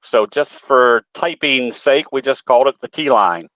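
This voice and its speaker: A man's voice: mid-range voice, measured pace, fairly bright tone, dry recording, low-quality recording. A man presenting in a webinar, talking in a folksy, rambling way with many filler sounds. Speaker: guest presenter, trading educator. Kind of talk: webinar talk with a folksy anecdote.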